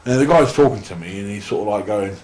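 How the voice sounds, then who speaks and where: A man's voice: on the low side, quick pace, a little mellow. A young English man telling long, rambling anecdotes in a casual interview, with frequent restarts. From England. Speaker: interview guest, wrestler. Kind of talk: casual storytelling. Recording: echoey room.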